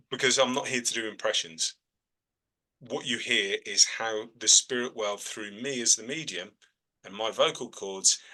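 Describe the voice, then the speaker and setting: Man, very bright tone, lowish pitch, chatty medium answering students. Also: poor audio. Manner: chatty, frequent "all right?" check-ins. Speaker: trance medium teaching a class. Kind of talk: relaxed teaching in a video call.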